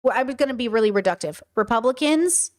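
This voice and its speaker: A woman's voice: a little high, expressive, quick pace. A woman hosting a livestream, talking casually and animatedly, acting out mock voices to make her points. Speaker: streamer and podcast host.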